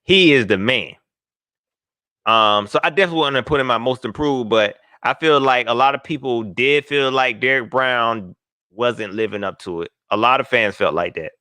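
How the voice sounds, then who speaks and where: A man hosting a live call-in sports show, animated and slangy, joking as he reads viewer comments aloud. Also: medium pitch, fairly quick, smooth, no echo. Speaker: sports podcast host.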